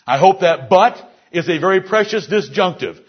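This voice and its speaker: High-voiced husky male preacher. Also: animated, moderate pace, highs cut off. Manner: explains scripture word by word. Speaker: pastor. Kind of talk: expository sermon. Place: church service.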